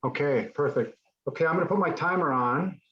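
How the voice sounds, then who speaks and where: A man's voice: on the high side, fairly quick, a bit bright, reverberant, highs cut off. A man teaching a Spanish class online, encouraging students and often restarting his sentences. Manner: encouraging, repeats and restarts while explaining.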